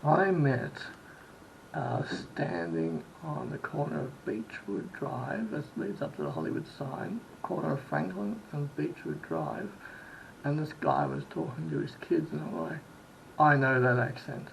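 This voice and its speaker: A man rambles through a travel story, his voice slightly high and strongly gravelly with fry. He restarts sentences often and acts out conversations, with a faint low hiss behind him. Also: sing-song, unhurried, a little mellow, poor audio. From Australia. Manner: rambling, with many restarts and acted-out quotes. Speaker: vlogger. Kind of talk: casual storytelling monologue.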